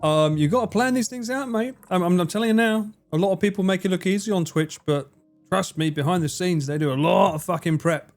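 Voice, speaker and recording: A man's voice: high-pitched, a little fast, faint music behind. A man from the UK, chatting casually on a gaming livestream, joking, swearing freely and laughing a lot. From United Kingdom.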